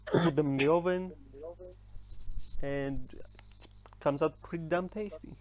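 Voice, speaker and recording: Greek-accented man, halting casual chat. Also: a little high, steady tone, a little mellow. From Greece. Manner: halting, searching for words, profane.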